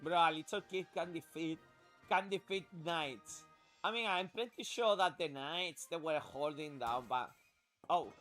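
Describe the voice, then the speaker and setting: A man casually commenting on a game he is playing, excitable and swearing often. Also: fairly high pitch, unhurried, faint music behind. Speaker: gaming streamer. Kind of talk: casual let's-play commentary.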